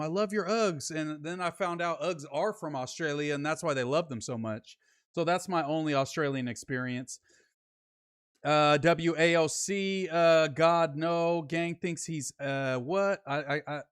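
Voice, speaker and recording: Young male streamer from Northern California, a little high-pitched, loose and slangy while he reads out chat and replies, recorded dry and close. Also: fairly bright tone, no echo. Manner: loose, slangy, reads super chats aloud and answers them. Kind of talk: casual livestream chat.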